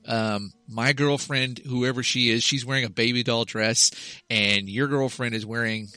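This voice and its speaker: A man in his thirties tells a long, meandering comic story with plenty of swearing. His voice is bright and forceful. The sound is dry and close, with almost no room sound. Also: mid-range voice, steady tone, normal speed, clear, resonant tone, no echo. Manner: rambling storyteller, swears freely. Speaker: podcast co-host. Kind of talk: casual comedic chat.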